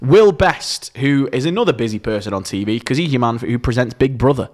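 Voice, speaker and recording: A man chatting casually at a middling pitch. He reads names off a list with pauses and "uh"s and jokes along the way. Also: lively intonation, darkish tone. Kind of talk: casual chat.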